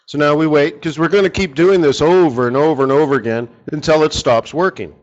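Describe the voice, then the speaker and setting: A man's voice: fairly high pitch, brisk. Chatty male trading strategist, lo-fi audio. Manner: casual, rambling, asks the audience rhetorical questions. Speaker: forex market strategist. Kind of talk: live trading strategy session.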